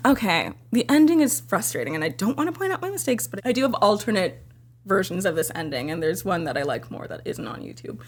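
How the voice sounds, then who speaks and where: A young woman giving casual director's commentary on her own video, gushing and excitable, swearing often and jumping up into squealing highs when she gets passionate. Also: fast talker, slight background noise.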